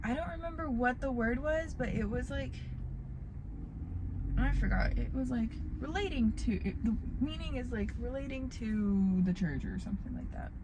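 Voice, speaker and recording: A woman's voice: fairly high pitch, lively intonation, a little slow, long pauses. A young woman vlogging from a parked car, chatting casually in a rambling, self-deprecating way with lots of fillers. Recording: loud car and traffic noise.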